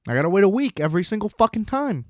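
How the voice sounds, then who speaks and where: Excitable, profane male podcast host. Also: sits high, rapid-fire, no echo, clean studio sound. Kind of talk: casual solo podcast rant.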